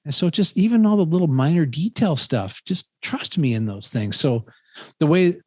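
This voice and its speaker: A man's voice: on the high side, animated, normal speed, darkish tone, no room sound. Earnest rambling man in his fifties. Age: 50s. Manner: rambling, earnest storytelling with many fillers and restarts. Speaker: professor and podcast host. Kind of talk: casual conversational teaching.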